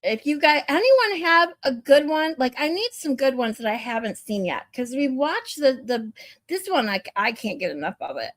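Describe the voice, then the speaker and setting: A woman hosting a livestream in casual chat, chatty and quick to giggle. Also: high-pitched, sing-song, no room sound. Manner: giggly and chatty, laughs a lot. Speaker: livestream host.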